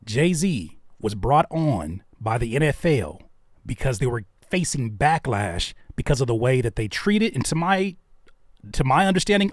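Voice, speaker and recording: A man hosting reaction commentary, swinging between heated ranting and hushed asides. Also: medium pitch, no room sound, studio quality. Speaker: host.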